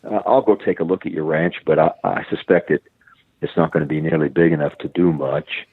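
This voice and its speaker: Middle-aged man, very low voice, husky tone, dry narrow phone-line sound, storytelling guest. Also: a little fast, no room sound. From United States. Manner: repeats words often, acts out quoted voices. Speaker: guest, conservation biologist. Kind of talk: storytelling in a podcast interview.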